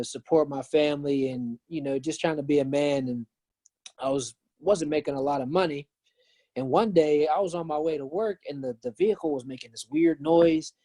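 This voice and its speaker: Guy talking faith story, warm mellow voice, dry close sound, gets animated. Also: a little high, dry recording. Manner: earnest, animated when retelling. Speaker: pastor and author guest. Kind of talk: casual storytelling.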